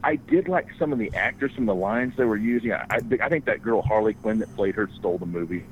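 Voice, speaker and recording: A man telling a crude story in casual podcast chat, animated and swearing freely. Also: lowish voice, fast talker, slight background noise, rough recording.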